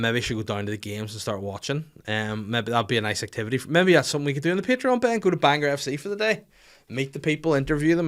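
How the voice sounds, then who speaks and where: A man, hosting a comedy podcast in a crude, sweary, animated storytelling way. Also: medium pitch. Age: 30s. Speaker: podcast host. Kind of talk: casual comic podcast chat.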